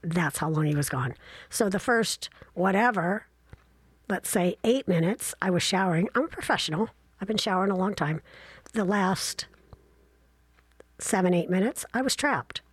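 A woman in her sixties telling a casual travel story, chatty and self-deprecating with animated asides. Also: medium pitch, moderate pace, breathy edge, dry recording.

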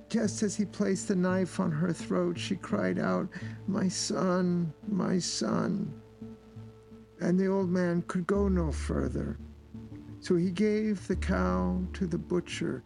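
A man's voice: sits high, gravelly, darkish tone, poor audio. A man telling a long folk tale aloud, repeating phrases for emphasis as he goes. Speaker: storyteller. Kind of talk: oral storytelling. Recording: instrumental music playing behind.

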